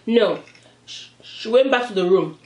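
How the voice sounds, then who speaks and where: Young nigerian woman, storytime vlog, dramatic and animated, echoey room, mic kinda far. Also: mid-range voice, measured pace. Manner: animated, dramatic retelling, acts out voices. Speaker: vlogger. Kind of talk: storytime chat while eating. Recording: roomy, mic at a distance.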